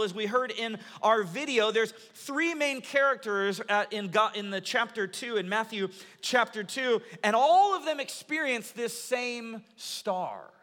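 A man in his thirties, a pastor delivering a sermon to his congregation as an animated storyteller, in a large church auditorium. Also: high voice. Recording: long reverb of a large hall.

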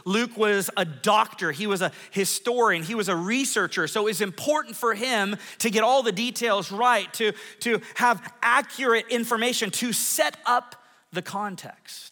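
A man's voice: high voice, normal speed. A pastor in his forties preaching a sermon, telling self-mocking stories and polling the crowd. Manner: lively, self-mocking storytelling with audience polls. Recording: long hall reverb.

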